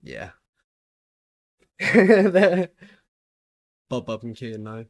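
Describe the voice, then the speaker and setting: A young man with a British accent talks through his livestream in a relaxed, chatty way, greeting viewers by name and answering their questions as he plays. His voice sits at an ordinary middle pitch. The sound is dry and close, with no room echo. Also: moderate pace. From United Kingdom. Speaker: gaming livestreamer. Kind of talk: casual livestream chat while playing.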